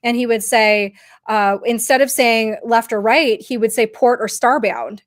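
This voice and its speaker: A woman with a somewhat high voice tells stories in a relaxed podcast chat. She is animated, often pausing on fillers and restarting her sentences as she goes. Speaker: podcast co-host. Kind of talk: casual conversational storytelling.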